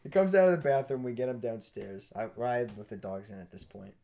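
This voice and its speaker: A young man co-hosting a podcast, telling a story in a casual, animated way and laughing as he goes. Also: medium pitch, brisk, creaky. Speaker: podcast co-host.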